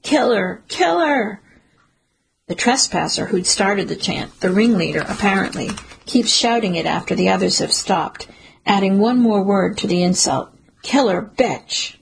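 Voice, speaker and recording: A woman reads a first-person suspense audiobook in a steady, measured way. Her voice is very husky and breathy, with a gravelly crackle, at a middle pitch. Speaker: audiobook narrator.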